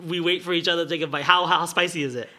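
A man's voice: fairly high pitch, steady tone, rapid-fire, pushed and bright. A man improvising a scene at a bar, hesitant with many fillers and narrating his own moves. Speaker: improv performer.

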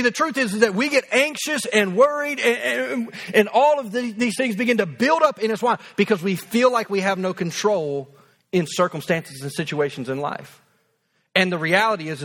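A man with a notably high speaking voice delivers a sermon as a pastor. He talks to his congregation in an earnest, conversational way and repeats phrases to drive his points home. He sounds like he is in his thirties. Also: normal speed, fairly bright tone.

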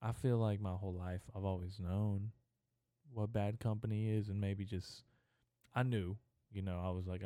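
Brief: young male podcast host, crude rambling comedic monologue, low-pitched and dry close sound. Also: steady tone, moderate pace, dark tone, no echo. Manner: profane, rambling, stream-of-consciousness.

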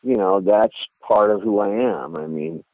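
Low-voiced guy singer rambling thru an interview, you know you know, dull dry lo-fi sound. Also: measured pace, no echo. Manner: animated storyteller. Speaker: band singer, interview guest. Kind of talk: casual interview chat.

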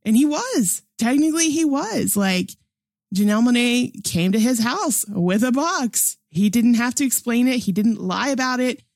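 A woman's voice: on the high side, lively intonation, normal speed, darkish tone, no echo, studio quality. A young adult woman chatting casually about a movie, enthusiastic and laughing often, with lots of fillers. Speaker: film discussion panelist. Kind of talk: casual film review chat.

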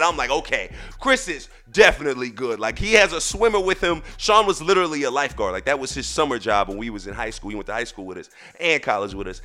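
A young man hosting a podcast, telling a dramatic story and working up to shouts. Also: mid-range voice. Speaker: podcast host. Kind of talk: animated storytelling.

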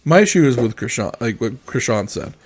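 A man's voice: mid-range voice, sing-song, brisk, very noisy. A man co-hosting a casual beer podcast, teasing and playful. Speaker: podcast co-host. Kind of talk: casual chat over beers.

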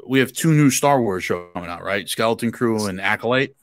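A man co-hosting a casual podcast, relaxed and easygoing, often chiming in with agreement. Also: on the low side, brisk. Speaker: podcast co-host. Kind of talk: casual chat.

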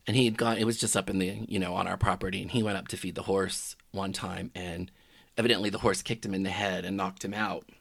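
A middle-aged man telling a personal story in a halting, reflective way that often trails off quietly. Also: low-pitched, vocal fry, no echo, clean studio sound. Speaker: podcaster telling his own story.

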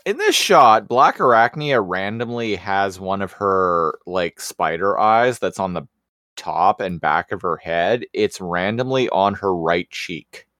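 A man's voice: low-pitched, expressive, unhurried, pushed and bright, no echo, clean studio sound. A man co-hosting a casual chat, making wry joking asides. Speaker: podcast co-host.

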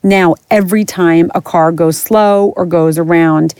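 A woman's voice: fairly low pitch, fairly even intonation, measured pace, a little mellow, smooth, no echo. Blunt, cursing woman podcaster. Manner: blunt, profane, exasperated. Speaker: podcast host. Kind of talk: casual ranting monologue.

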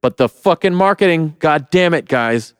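A young man rants heatedly about a movie, swearing freely and slipping into mocking voices. His voice sits fairly high and sounds smooth and clear. The sound is dry, close and free of room echo. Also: expressive, normal speed. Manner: profane, heated ranting with mocking quoted voices. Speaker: podcast co-host. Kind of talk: casual movie review rant.

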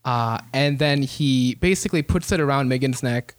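A man's voice: medium pitch, normal speed, no echo. A man narrating as game master in a tabletop game, casual and rambling.

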